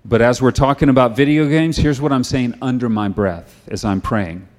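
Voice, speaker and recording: Man, middle-aged, preacher, sermon, conversational storytelling, earnest prayer, average pitch. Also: normal speed, darkish tone.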